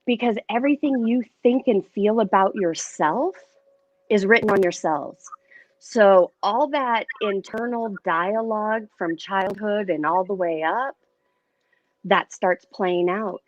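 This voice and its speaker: Woman, interview guest, candid expressive storyteller, mid-pitched voice, muffled lo-fi sound, dry with no room echo. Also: slow. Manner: candid and expressive, lively retelling. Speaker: guest, metaphysician.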